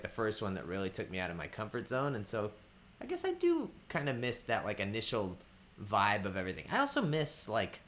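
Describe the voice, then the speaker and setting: A man's voice: on the low side, fairly bright tone, a little hiss or hum. A man hosting a casual live stream who greets viewers by name and thinks aloud with lots of ums as he chats. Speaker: livestream host. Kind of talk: casual livestream chat.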